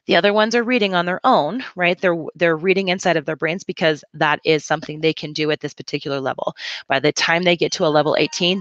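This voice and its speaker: A woman reading teacher explaining a lesson plan step by step in a relaxed, conversational way. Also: on the low side, dry recording, muffled recording. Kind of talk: instructional walkthrough.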